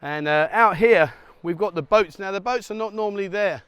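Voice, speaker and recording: A middle-aged man with a fairly high voice vlogs outdoors into a handheld camera. He chats and jokes with his viewers as he walks, and he sounds a bit out of breath on the hill paths. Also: moderate pace, fairly bright tone, clean tone, dry recording. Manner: chatty, jokey, addresses viewers directly. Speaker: travel vlogger. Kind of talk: casual walking vlog. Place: outdoors on a hillside island resort.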